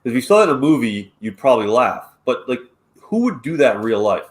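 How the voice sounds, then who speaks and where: A man's voice: medium pitch, sing-song, a little fast. A man co-hosting a casual podcast, emphatic and repeating himself when worked up. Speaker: podcast co-host.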